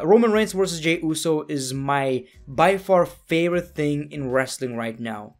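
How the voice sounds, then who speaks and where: A man recapping a wrestling show in a casual voice-over, excitable and jokey with sarcastic asides. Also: on the high side. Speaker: wrestling reviewer. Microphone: voice-over, no camera.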